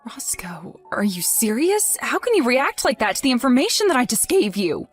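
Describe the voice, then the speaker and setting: A woman's voice: high voice, very animated, fairly quick, faint music behind. A woman voicing a heartbroken young wife in an acted text story, pleading and stammering over her words. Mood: indignant.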